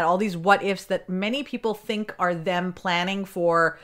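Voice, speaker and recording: A woman's voice: lowish voice, steady tone, unhurried, hardly any pauses, a bit bright. A woman guest on a podcast speaking enthusiastically about business habits. She explains her points with vivid everyday metaphors and often restarts mid-sentence. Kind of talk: casual interview chat.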